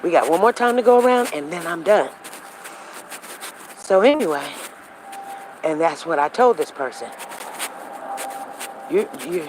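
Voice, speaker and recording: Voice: mid-range voice, animated, a little slow, pauses often, slight background noise, low-quality recording. A show host telling a personal story in a casual, rambling way and acting out conversations. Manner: rambling with frequent restarts. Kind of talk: casual talk monologue.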